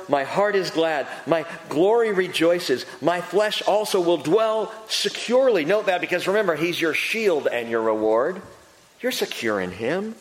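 A man preaching a sermon, swinging between loud emphatic lines and hushed ones. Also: fairly high pitch. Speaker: pastor. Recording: long reverb of a large hall.

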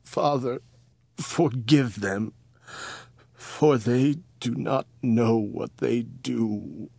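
A man voicing Jesus, slow and solemn. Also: medium pitch, vocal fry, mellow, no echo, full character voice. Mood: pleading. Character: Jesus, a grave, gentle man speaking slowly. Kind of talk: dramatized scripture reading.

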